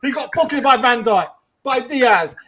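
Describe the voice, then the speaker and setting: A man calling in to a football fan show, mocking the host in rapid slang. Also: very high-pitched, lively intonation, pushed and bright. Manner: mocking, rapid slang-heavy trash talk. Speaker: caller. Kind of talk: heated fan phone-in rant.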